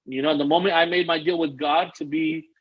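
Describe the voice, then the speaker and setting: A man's voice: on the high side, fairly even intonation, brisk, husky, highs cut off. A man telling a personal story as a podcast guest, earnest and rambling, often restarting his sentences. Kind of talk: casual interview storytelling.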